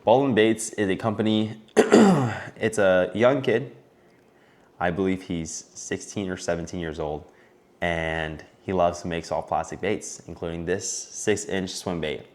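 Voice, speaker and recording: A man with a very low voice wraps up his video in a relaxed, conversational way, chatting through a quick promotion. His delivery is easygoing and unhurried. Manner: relaxed, chatty, plugs a bait maker. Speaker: vlog host. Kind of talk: casual sponsor shout-out.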